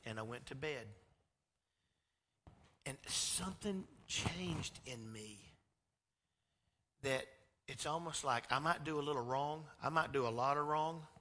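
A man from Georgia, preaching a storytelling sermon and swinging from loud to hushed. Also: mid-range voice, in a large hall, slight background noise. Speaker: pastor. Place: church sanctuary.

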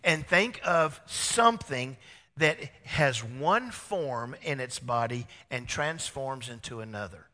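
Animated male pastor preaching in an echoey hall. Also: medium pitch, slow. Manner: animated storytelling, acts out dialogue, swings from loud to hushed. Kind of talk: sermon.

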